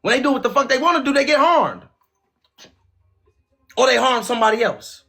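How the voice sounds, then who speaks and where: A man's voice: extremely high pitch, lively intonation, brisk, creaky, fairly bright tone. A man hosting a podcast, ranting in a profane, aggressive and scornful way. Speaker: podcast host. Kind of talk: heated opinion rant.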